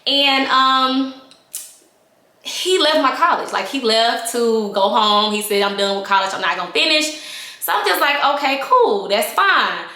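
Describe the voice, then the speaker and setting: Young woman vlogger, bright and higher-pitched, candid storytime in an echoey room. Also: a little slow. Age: young adult. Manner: animated, reenacting scenes with voices and gestures; chatty and candid, addressing viewers directly. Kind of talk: casual storytime vlog.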